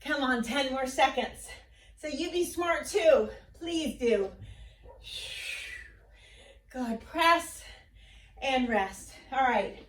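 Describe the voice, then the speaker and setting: High-voiced woman coaching a workout. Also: expressive, drawn-out words, long pauses, a bit bright, distant mic. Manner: encouraging, counts down and cheers. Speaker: fitness instructor. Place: basement at home. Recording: roomy echo, voice a bit off-mic.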